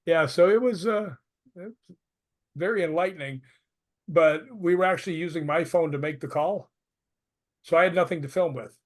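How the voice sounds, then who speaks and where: Guy telling stories on an interview, kinda high voice, laughs a lot. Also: normal speed, long pauses. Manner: chatty, laughs often, tells anecdotes. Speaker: paranormal investigator guest. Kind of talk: casual interview storytelling.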